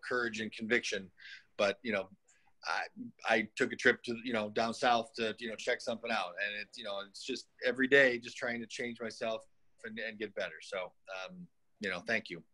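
A man on a group call, sharing a short reflection in a halting way, full of fillers. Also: lowish voice, steady tone, pushed and bright. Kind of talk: personal sharing.

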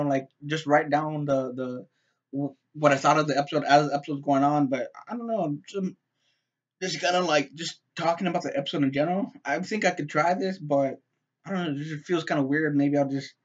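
Rambling man on a dull lo-fi mic. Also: fairly high pitch. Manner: rambling, halting, many fillers and repeated words; loose and profane. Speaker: TV episode reviewer. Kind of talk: casual spoken review.

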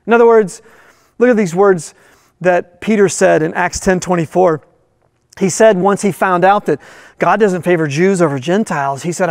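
A man's voice: high voice, gravelly, no echo, clean studio sound. A male pastor preaching a sermon in a church, emphatic and full of rhetorical questions.

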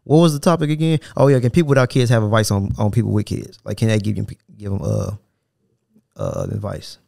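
Gravelly-voiced casual podcast host, a man. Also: fairly low pitch, fairly even intonation, brisk, darkish tone, no echo, studio quality. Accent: African American Vernacular English. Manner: casual, profane, rambling, with frequent "you know what I'm saying". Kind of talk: solo podcast talk.

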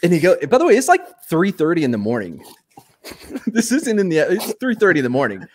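A man and former soldier telling a story in casual live-show chat, animated and laughing often. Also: sits high, brisk.

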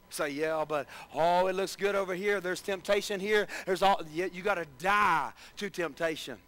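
High, bright-voiced preacher man. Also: steady tone, moderate pace, poor audio. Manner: preaching with rising, shouted emphasis and many asides to the congregation. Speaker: pastor. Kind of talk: sermon.

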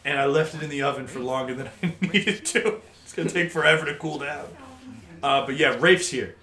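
Young male podcast host, early twenties, slightly high, animated ranter who swears a lot; echoey room. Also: a little fast. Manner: animated ranting storyteller, swears freely. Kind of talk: casual podcast chat over gameplay.

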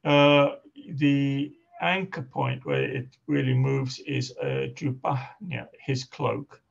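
A male lecturer talks through a seminar in a deeply gravelly, husky voice, stopping often on fillers and restarting his sentences. The recording is muffled and lo-fi. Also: sing-song, slow pace. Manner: hesitant, many fillers and restarts. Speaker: linguistics lecturer. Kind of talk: academic seminar talk.

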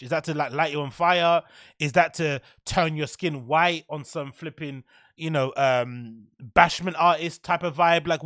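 A sardonic man holds forth alone on his podcast, mocking and ranting as he goes. His voice sits a little high for a man. The sound is dry and close, with no room around it. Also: fairly bright tone, no room sound. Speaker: podcast host. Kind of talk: solo commentary on news and gossip.

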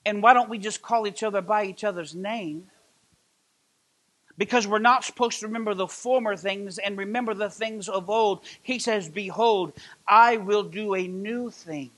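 Male pastor, high bright voice, impassioned sermon delivery with loud emphatic peaks. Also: normal speed. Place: church sanctuary.

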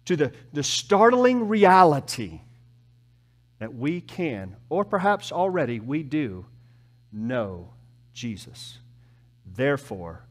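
A man preaching a sermon as pastor, with emphatic rises and soft, slow, drawn-out drops. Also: a little high. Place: church.

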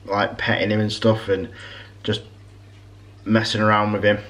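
Relaxed low-voiced man vlogging. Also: normal speed, low-quality recording. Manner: relaxed and easygoing, showing things around. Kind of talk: casual vlog chat. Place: indoors at home.

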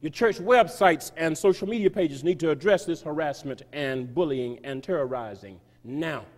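A pastor with a notably high voice preaches in a church sanctuary, his words ringing with a long reverb. He is emphatic, swinging between loud and soft and quick and slow. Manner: emphatic, sweeping shifts of loudness and pace. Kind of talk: sermon reading a quoted article aloud.

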